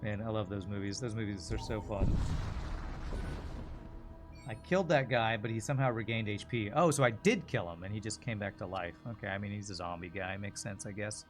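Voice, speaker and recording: A man's voice: on the low side, a little fast, over music. A man streaming a video game, chatting casually and answering viewer questions while he plays. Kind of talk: casual gameplay commentary.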